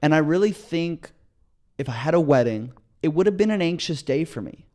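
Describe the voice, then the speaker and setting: Excited man telling a long story. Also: fairly high pitch, normal speed. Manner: excited, rambling storyteller with frequent restarts. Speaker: podcast co-host. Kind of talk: casual storytelling chat.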